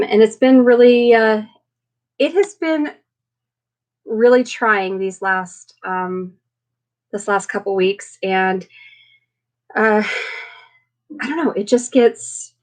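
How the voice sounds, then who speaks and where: A woman hosting a casual live chat with viewers, chatty and rambling, with many fillers, tired and emotional after being sick. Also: medium pitch. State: recovering from illness, emotional. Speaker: livestream host.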